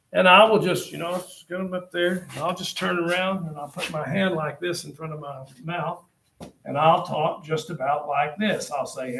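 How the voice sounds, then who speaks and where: A man teaching a history class, telling the story with lively asides and reminders to take notes. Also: high voice, slight background noise. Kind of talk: classroom lecture. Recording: echoey classroom.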